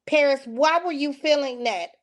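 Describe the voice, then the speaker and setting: A woman's voice: high voice, moderate pace. A woman hosting a talk show, stepping in to ask pointed follow-up questions of her guests. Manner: steers the talk with probing questions. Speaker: host.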